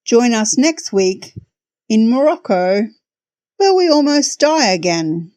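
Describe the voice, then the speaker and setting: A woman narrates a travel story at an unhurried, deliberate pace, with dry, wry humor running under her words. Her voice sits close to the mic with no room sound at all. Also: a little high, sing-song, dark tone, no room sound. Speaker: podcast host and storyteller.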